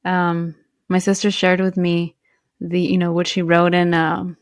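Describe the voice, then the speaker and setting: Woman podcast co-host, mid-pitch, close dry mic, heartfelt casual chat. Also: monotone, unhurried, dry recording.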